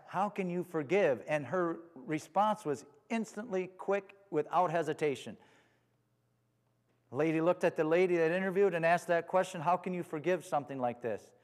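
A man's voice: fairly high pitch, darkish tone. A man preaching a sermon, often asking his listeners for an amen. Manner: call-and-response, asks for amens. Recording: long reverb of a hall.

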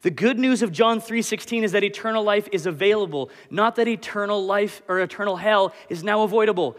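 A man's voice: high-pitched, brisk. Young man preaching in a reverberant hall. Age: 20s. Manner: animated, conversational, self-deprecating. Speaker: pastor. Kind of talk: sermon. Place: church hall.

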